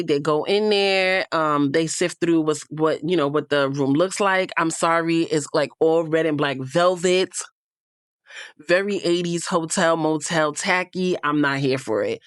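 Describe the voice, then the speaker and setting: A woman's voice: low voice, a bit bright, clear, resonant tone, no room sound, clean studio sound. A woman hosting a casual reality TV recap, chatty and gossipy, with frank asides.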